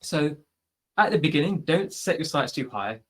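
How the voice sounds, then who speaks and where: A British podcast host answers questions on a video call during a live online Q&A, chatty and full of advice, often adding "like" and "right?". His voice is fairly high with lively intonation, a normal pace and a breathy edge.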